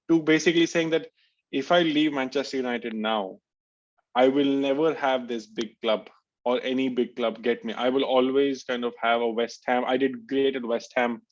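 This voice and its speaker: Rambling man on a dull lo-fi line. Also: mid-range voice. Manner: thinking aloud, repeats words. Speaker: podcast guest. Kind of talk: casual football chat. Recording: dull lo-fi sound.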